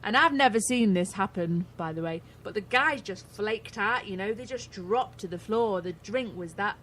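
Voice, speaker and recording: A middle-aged English woman co-hosting a radio show in casual banter, blunt and quick to swear. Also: mid-range voice, fairly bright tone, a little hiss or hum. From England. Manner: blunt, swears freely, laughs often.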